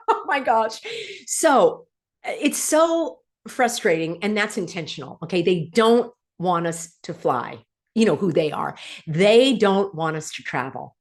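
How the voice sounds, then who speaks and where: A middle-aged woman hosting her own vlog, indignant and sarcastic. Her voice jumps between loud, high outbursts and low, muttered asides. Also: big pitch swings, normal speed. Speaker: channel host. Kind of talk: animated opinion vlog.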